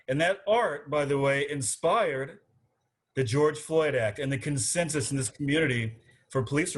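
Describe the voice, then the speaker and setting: A man's voice: mid-range voice, husky. A man running for city council, giving an earnest, rhythmic speech over a video call to a virtual arts forum.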